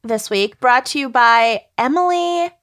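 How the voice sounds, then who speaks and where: A woman co-hosting a casual podcast chat, unhurried and laughing easily. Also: fairly high pitch, lively intonation, fairly bright tone, dry recording, clean studio sound. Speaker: podcast co-host.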